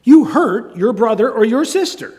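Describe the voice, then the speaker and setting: A man's voice: extremely high pitch, big pitch swings, normal speed, a little mellow, long reverb tail. An older man preaching a sermon, telling a story with conversational asides. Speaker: pastor.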